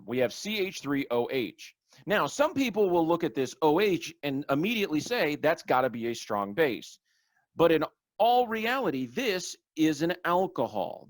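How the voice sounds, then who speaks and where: A man's voice: on the high side, dry recording. A man giving a recorded online chemistry lecture, explaining step by step through exam examples.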